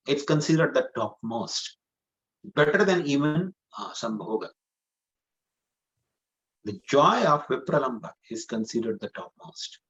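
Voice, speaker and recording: A man's voice: fairly high pitch, a bit bright. A man answering a student's question in a scripture class, earnest and repetitive, leaning on "you know" as he explains. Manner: earnest, repeats points, many "you know" fillers. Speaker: spiritual teacher. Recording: dull lo-fi sound.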